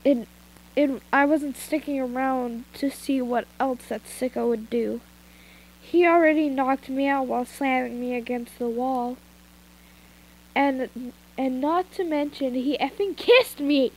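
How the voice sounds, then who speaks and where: Amateur woman reader, high-pitched, unhurried, casual with asides; phone mic. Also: a little mellow, low-quality recording. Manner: informal reading with frequent asides and retakes. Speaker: fanfiction reader. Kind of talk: amateur story reading.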